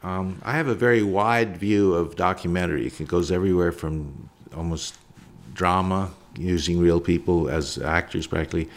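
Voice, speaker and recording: A man's voice: sits low, moderate pace. A documentary filmmaker, a man, answering interview questions in a plainspoken, reflective way.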